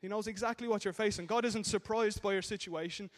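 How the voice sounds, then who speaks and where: A man's voice: high-pitched, quick pace. An Irish man preaching a sermon in a joking storytelling way, often checking in with the congregation. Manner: jokey storytelling with frequent "okay?" tags. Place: church hall. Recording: echoey hall.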